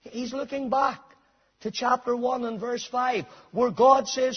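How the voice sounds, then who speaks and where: A man preaching a sermon, swinging between soft, intimate appeals and loud, shouted climaxes. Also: very high-pitched, steady tone, unhurried, breathy edge, lo-fi sound.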